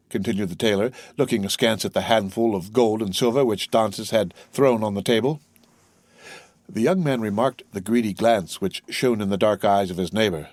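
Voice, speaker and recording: A man reading a classic novel aloud as an audiobook narrator, in a steady storytelling delivery. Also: on the low side, moderate pace, no room sound.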